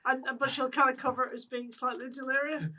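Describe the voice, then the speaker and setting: Woman player, high voice, distant mic, voices chattering behind. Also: little pitch movement, fast talker, a crowd in the background. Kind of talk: casual tabletop play.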